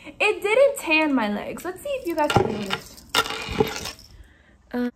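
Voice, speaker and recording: A woman with a high, bright-pitched voice vlogs casually from home. She talks frankly and chattily to her viewers and often breaks into exclamations. A faint room hum sits behind her. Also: big pitch swings, measured pace. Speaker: vlogger. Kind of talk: casual vlog talking to camera.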